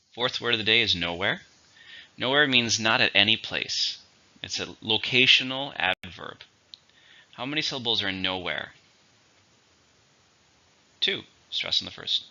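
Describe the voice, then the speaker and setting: Low-voiced man teaching vocabulary. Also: lively intonation, a little slow, long pauses, sharp tone. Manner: methodical, repeats each word and counts its syllables. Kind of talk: vocabulary lesson. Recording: dull lo-fi audio.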